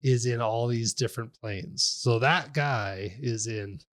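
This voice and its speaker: Rambling, animated man reviewing games. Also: medium pitch, unhurried. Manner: rambling, animated retelling with laughs. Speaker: podcast co-host. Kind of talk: casual game review chat.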